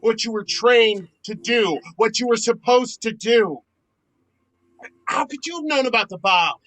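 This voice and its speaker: A man's voice: very high voice, unhurried, no echo, poor audio. A man playing an earnest, pleading friend. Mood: tender. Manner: pleading, emotional, swings from soft to loud. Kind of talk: amateur virtual stage play.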